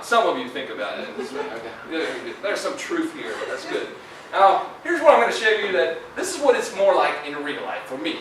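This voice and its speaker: A man's voice: on the high side, noisy background. A middle-aged man giving a conversational university career talk, full of fillers and tag questions. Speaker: guest lecturer. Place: lecture hall. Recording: echoey hall, far from mic.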